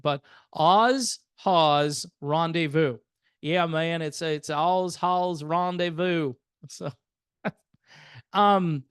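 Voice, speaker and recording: High-voiced older man, rambling music talk. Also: clear, resonant tone, dry recording, clean studio sound. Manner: rambling, sardonic, chatty with fillers. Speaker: music channel host. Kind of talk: casual music commentary.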